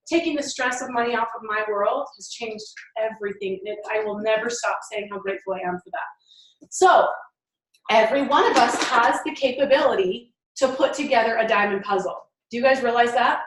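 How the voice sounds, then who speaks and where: Bubbly woman trainer in an echoey room. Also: fairly high pitch. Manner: enthusiastic, chatty, laughs often. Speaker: mindset trainer. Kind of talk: team training talk.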